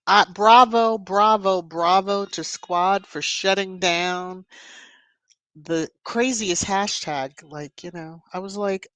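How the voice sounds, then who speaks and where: On a relaxed livestream, a woman reads out viewers' comments and tosses in sassy, chatty asides, her medium-pitched voice moving at a slow pace. Knowing hums and easy laughter break up her talk, and the audio is dry and close with no room echo.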